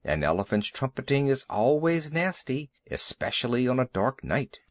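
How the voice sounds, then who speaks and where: A man narrating a children's audiobook in a lively, expressive way. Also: mid-range voice, moderate pace, dry recording. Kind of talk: storybook narration.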